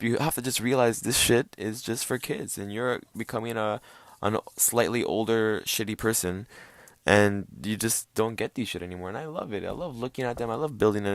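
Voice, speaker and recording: A young man hosting a podcast, ranting casually and profanely, with bursts of loud mock voices. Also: lowish voice, no echo, clean studio sound. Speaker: podcast host. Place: bedroom.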